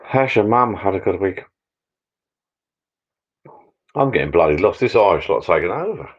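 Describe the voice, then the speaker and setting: A man's voice: low voice, very animated, quick pace, highs cut off. A middle-aged man, chatting and rambling jokily on a live stream from his backyard bar. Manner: rambling, jokey, repeats words. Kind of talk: casual live stream chat. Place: backyard garden bar shed.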